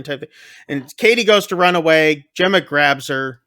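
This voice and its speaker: A man's voice: fairly high pitch, animated, unhurried, sharp tone. A man co-hosting a podcast, retelling a movie plot in a rambling, casual way, full of fillers as he acts out the characters' lines. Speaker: podcast co-host recapping a film. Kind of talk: casual chat.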